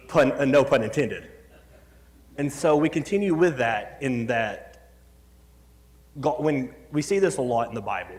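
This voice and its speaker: A man's voice: mid-range voice, darkish tone. A man preaching a sermon in a church, reading scripture and adding conversational, joking asides. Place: church sanctuary. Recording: long church hall reverb.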